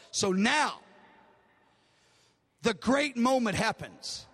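A man's voice: high-pitched, animated, takes it slowly, creaky, a bit bright. An older man preaching a sermon, telling a story with emotion and acting out the dialogue in a large hall. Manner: emotional, dramatic retelling with acted-out dialogue. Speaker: pastor. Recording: long reverb of a large hall.

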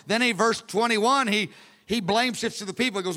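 A man preaching a sermon in an animated, conversational way, acting out the characters between his asides. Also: high voice, moderate pace. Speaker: pastor. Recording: long hall reverb.

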